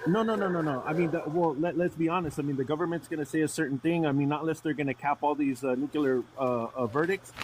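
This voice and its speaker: A man hosting a live podcast discussion, asking probing questions and often restarting his sentences. His voice is a little high for a man. Faint background noise sits behind him. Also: quick pace, hardly any pauses. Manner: probing, repeats himself, restarts. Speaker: podcast host.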